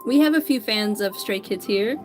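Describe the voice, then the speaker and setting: A woman's voice: medium pitch, normal speed, faint music behind. A woman artist chatting casually on a livestream while she draws, greeting viewers by name in an upbeat, chatty way. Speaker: digital artist streamer.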